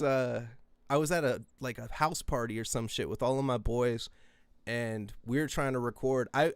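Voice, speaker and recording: A man in his twenties telling rambling, profane stories in casual podcast chat, breaking into yelled quotes. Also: medium pitch, no room sound. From US West Coast. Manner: rambling, profane, animated, yelling out quoted lines.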